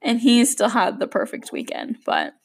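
A woman's voice: fairly high pitch, wildly swooping pitch, normal speed, vocal fry. Chatty young woman podcast host. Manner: chatty and rambling, with frequent "like". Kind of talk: casual monologue.

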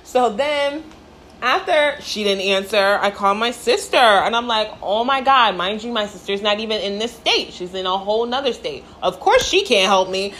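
Animated, profane young woman telling a story. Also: medium pitch, normal speed, a little hiss or hum. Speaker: vlogger. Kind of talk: casual storytelling.

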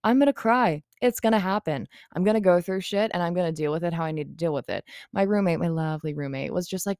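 A young woman with a lowish, smooth, resonant voice, recorded dry and close. She hosts her own podcast alone, rambling through her thoughts in a frank, confessional way and cursing without hesitation. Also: brisk, darkish tone, no echo. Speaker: podcast host. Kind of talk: candid solo podcast monologue.

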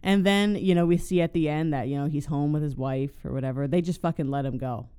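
A man's voice: fairly high pitch, brisk, dark tone, clean tone. A man co-hosting a podcast, animatedly retelling a film scene in casual chat, swearing a lot and using plenty of fillers. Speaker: podcast co-host.

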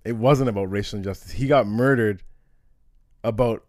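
A man co-hosting a casual podcast chat, walking through history in a relaxed conversational way. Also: on the low side, normal speed, no room sound, studio quality. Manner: explains history conversationally, with restarts and fillers. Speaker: co-host.

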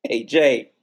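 A man's voice: medium pitch, slightly rough. A man co-hosting a sports podcast, talking in a hyped, slangy, teasing way. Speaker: podcast co-host. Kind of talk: casual sports podcast chat.

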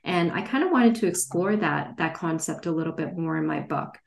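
A woman's voice: sits low, lively intonation, a little fast, vocal fry. A woman author reading her novel aloud and then answering questions hesitantly over a video call. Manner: hesitant, many fillers and restarts. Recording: roomy echo.

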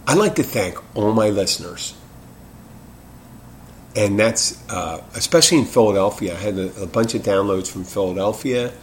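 Male podcast host, lowish voice, loose rambling solo talk with restarts, faint hiss behind. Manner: rambling, self-interrupting, frank and profane. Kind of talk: casual solo podcast monologue.

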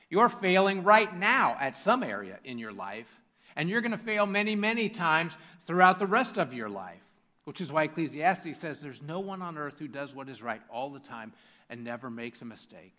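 Male pastor, fairly high voice; scripture reading into a direct, engaging sermon. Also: animated, normal speed, bright, forceful tone. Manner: reads scripture aloud, then preaches directly to the congregation. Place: church sanctuary with a congregation.

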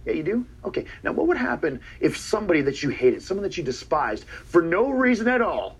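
A man's voice: fairly high pitch, husky. A man, a pro wrestler, giving a boastful, taunting promo interview in a clip from a TV broadcast, often stammering and repeating his words.

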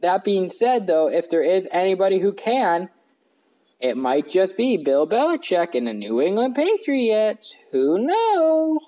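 Sitting on his living room couch, a podcast host rambles through casual sports talk on a lo-fi show, correcting himself and using plenty of fillers. His voice sits high with big pitch swings, a little mellow, at a measured pace.

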